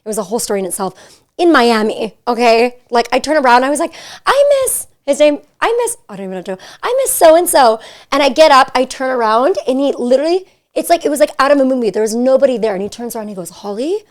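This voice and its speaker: A woman's voice: on the high side, animated, racing. A young woman hosting a podcast, talking in a chatty, giggly way full of fillers, recorded in a hotel suite. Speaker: podcast host. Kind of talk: casual chat.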